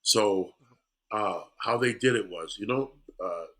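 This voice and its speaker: Brief: middle-aged male comic guest, lively storyteller, bright edge to the voice. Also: fairly low pitch, a little slow. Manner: animated, acts out voices. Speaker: comedian guest. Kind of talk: casual interview storytelling.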